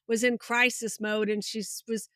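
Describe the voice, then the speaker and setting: A middle-aged woman, a hypnotherapist guest on a podcast, telling lively stories and acting out the people in them. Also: fairly high pitch, unhurried, no room sound, studio quality. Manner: lively storyteller, acts out quoted people. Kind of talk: podcast interview.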